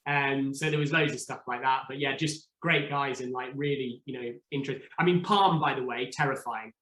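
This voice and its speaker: A man's voice: mid-range voice, fairly even intonation, fairly quick, fairly bright tone, roomy sound, poor audio. A man, a podcast guest, telling a story in casual chat, rambling and full of restarts. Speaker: podcast guest, former reality show contestant.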